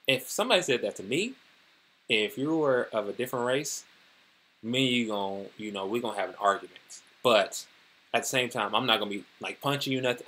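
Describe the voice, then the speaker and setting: A man's voice: lowish voice, sharp tone, a little hiss or hum. A man giving a casual, rambling news commentary on his vlog, talking loosely and filling his sentences with "you know" and "like.". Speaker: vlogger.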